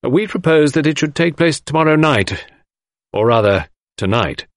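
A man's voice: fairly high pitch, expressive, no echo, clean studio sound, voice pushed up. A man voicing a portly, fussy little older male doctor who drags out his words in an audiobook reading. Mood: brisk. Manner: fussy, drawn-out murmuring.

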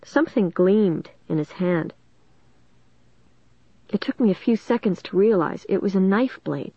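A woman's voice: medium pitch, animated, a little slow, slightly rough, no echo, muffled recording. A woman narrating a first-person storybook in a tense, suspenseful reading. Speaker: audiobook narrator.

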